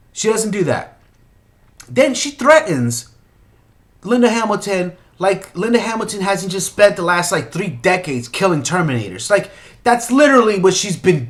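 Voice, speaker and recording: A man's voice: high-pitched, fairly bright tone. A young man ranting about a movie in an exasperated, opinionated way, firing off rhetorical questions. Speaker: movie commentator.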